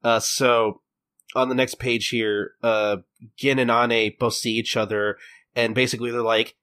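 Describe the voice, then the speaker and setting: Animated man retelling scenes in voices. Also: a little slow, smooth. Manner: animated, jumps into high quoted character voices while retelling. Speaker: podcast co-host. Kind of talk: casual chat recapping a manga chapter.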